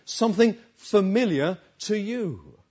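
This preacher delivers his sermon in a chatty way, asking the audience questions. He speaks slowly in a high-pitched, expressive voice with a darkish tone and a breathy edge, and the recording is dull and lo-fi.

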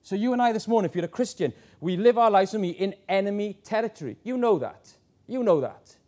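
Preacher guy, higher voice, earnest sermon, keeps asking the room questions. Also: animated, a little fast, darkish tone. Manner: earnest, with many uh fillers and rhetorical questions.

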